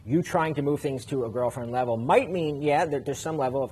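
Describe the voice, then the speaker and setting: A man's voice: mid-range voice, brisk, few pauses, darkish tone. Man coaching on dating, faint background noise. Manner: explains at length, many fillers and restarts. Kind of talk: casual podcast chat.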